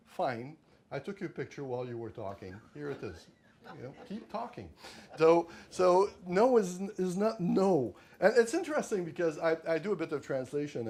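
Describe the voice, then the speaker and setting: Guy telling stories at a library talk, keeps restarting his words, bit of room hum. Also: medium pitch. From Quebec, Canada. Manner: animated storytelling, many restarts and repeated words. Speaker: author giving a library talk. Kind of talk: conversational talk to an audience.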